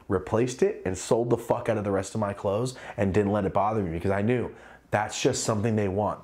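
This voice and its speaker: A man telling a casual storytime vlog about his clothing brand, profane and animated, acting out quotes in loud high voices. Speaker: clothing brand owner and YouTuber.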